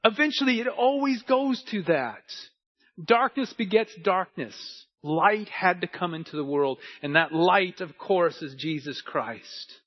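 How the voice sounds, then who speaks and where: A man preaching a sermon with a somewhat high voice that moves between a quiet, intimate hush and loud, emphatic passages. The recording is dull and lo-fi, with the top end muffled. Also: lively intonation, measured pace, slightly rough. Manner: preaching with wide swings from hushed to emphatic. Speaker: pastor. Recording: dull lo-fi sound.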